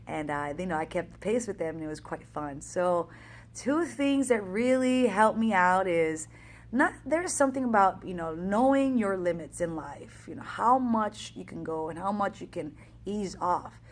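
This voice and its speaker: A woman fitness coach telling a race story in a casual, energetic, chatty way, acting out the back-and-forth. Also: medium pitch, moderate pace.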